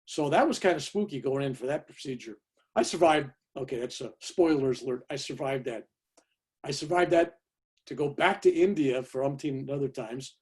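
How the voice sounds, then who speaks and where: Husky older man telling a story. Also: mid-range voice, normal speed, darkish tone. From California, USA. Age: 70s. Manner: chatty, keeps tagging "right?" and "you know". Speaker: guest speaker. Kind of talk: storytelling talk to an audience.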